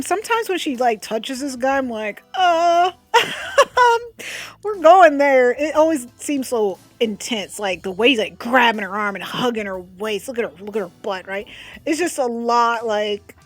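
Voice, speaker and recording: Young woman vlogger, chatty, gushing, fairly high voice, faint music behind. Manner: chatty, gushing, with lots of fillers. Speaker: webcomic recommender. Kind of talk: casual chat.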